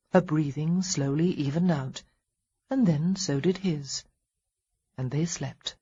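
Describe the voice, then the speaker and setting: A woman narrating a historical romance audiobook in a calm, even storytelling manner. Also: low voice, takes it slowly, pauses often, breathy edge, dull audio. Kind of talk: scripted narration.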